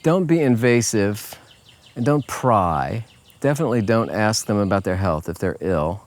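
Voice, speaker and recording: A man giving a casual motivational talk as a life coach, relaxed and folksy, often checking in with "okay?" and jumping his pitch up when he acts out other people's lines. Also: normal speed, no room sound. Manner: relaxed, folksy, peppered with "okay?" and "you know"; acts out quoted voices in a higher pitch.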